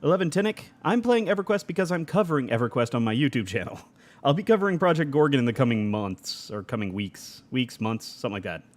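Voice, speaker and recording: A young man talking casually through a live game stream, greeting viewers and laughing easily. His pitch swings up and down a lot as he chats, in a mid-range voice. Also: big pitch swings, fast. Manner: chatty, reads chat aloud, laughs often.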